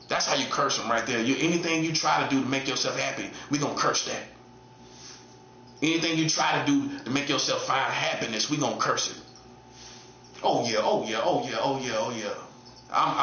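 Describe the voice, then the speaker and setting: Taunting man in his forties, bright and echoey. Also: highs cut off, slight background noise. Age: 40s. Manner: mocking, repetitive rhetorical questions, swinging high and low. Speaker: self-styled prophet streamer. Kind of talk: taunting monologue.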